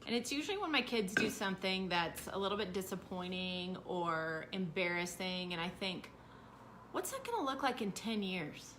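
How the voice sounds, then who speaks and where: A woman co-hosting a casual talk, playing out an imagined scene and slowing to narrate it. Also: medium pitch, expressive, noisy background. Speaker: podcast co-host. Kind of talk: casual chat.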